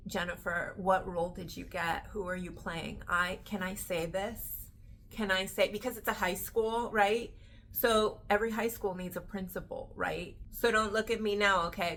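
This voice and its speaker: A woman in her forties from the United States, chatting to camera in a casual vlog, animated and slangy. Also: medium pitch, slight background noise. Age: 40s. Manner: animated, chatty, slangy with frequent "yo" and "you know". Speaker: vlogger, actress.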